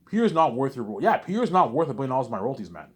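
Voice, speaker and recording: Fast-talking animated man rambling. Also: medium pitch. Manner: animated, repetitive, haggling back and forth with himself. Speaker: vlogger. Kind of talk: casual rambling monologue.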